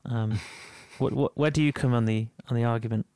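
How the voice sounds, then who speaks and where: A man's voice: mid-range voice, steady tone, moderate pace, dark tone, smooth, no room sound. Chatty Yorkshire man, dry close sound. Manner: chatty, lots of ums and little laughs. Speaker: podcast co-host. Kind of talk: casual chat.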